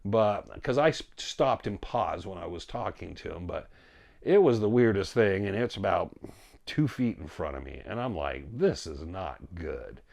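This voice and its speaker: A guest storyteller casually recounts a hike in a lowish voice with vocal fry at a moderate pace. He's animated, often quoting himself and his friend, and laughs as he goes.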